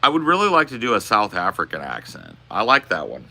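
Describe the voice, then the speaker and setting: A male streamer talks to his chat in a loose, rambling way and swears often. His voice sits low but has a very bright, forceful edge. He sounds relaxed and unscripted. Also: fairly quick, vocal fry. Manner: rambling, profane, laid-back. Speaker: streamer answering chat questions. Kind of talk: casual livestream chat.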